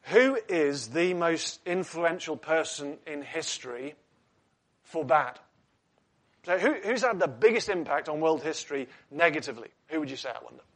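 A man's voice: on the high side, expressive, normal speed. A man preaching a sermon in an earnest teaching tone, asking rhetorical questions and adding light asides.

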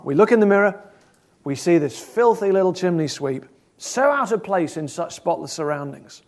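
A man preaching a sermon, earnest, asking probing questions and swinging between loud and soft. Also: on the high side.

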